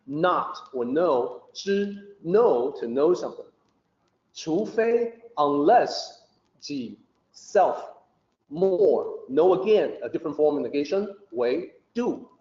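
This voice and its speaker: A man's voice: fairly high pitch, warm tone. Patient man explaining in a roomy, muffled recording. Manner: patient, conversational, with many fillers. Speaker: teacher of Taoist philosophy. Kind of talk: explanatory podcast talk.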